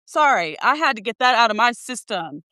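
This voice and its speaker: A woman's voice: fairly high pitch, sing-song, moderate pace, pushed and bright, dry recording, poor audio. A woman hosting a live stream, reacting to a hearing in blunt, heated casual commentary and swearing freely.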